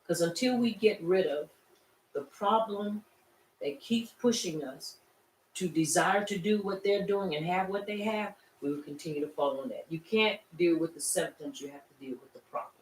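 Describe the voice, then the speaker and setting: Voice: mid-range voice, moderate pace, slight background noise. A teacher preaching a Shabbat class to a congregation, talking in a loose conversational way with rhetorical questions that draw answers from the room. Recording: echoey room, distant mic, faint ambience.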